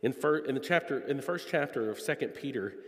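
In a church sanctuary, a male preacher gives an earnest, emphatic expository sermon, drawing out key words for stress. His voice is animated and medium-pitched, and the recording carries a church hall's long echo.

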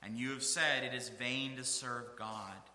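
A man's voice: medium pitch, steady tone, a little slow, sharp tone, echoey room, long reverb tail. A man preaching a sermon, reading scripture aloud with earnest, rising emphasis.

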